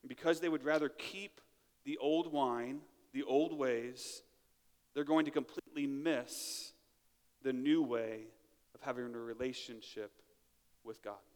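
A man's voice: medium pitch, measured pace, darkish tone, in a large hall. A man preaching a sermon in a church, talking in a conversational way and often checking in with "right?". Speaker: pastor. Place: church sanctuary.

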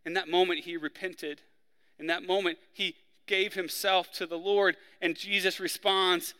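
A man preaching a sermon, acting out the criminals' words in a raised, forceful voice. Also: little pitch movement, measured pace, clean tone, in a large hall. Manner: preaching, acts out the criminals' lines with rising pitch and force. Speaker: pastor.

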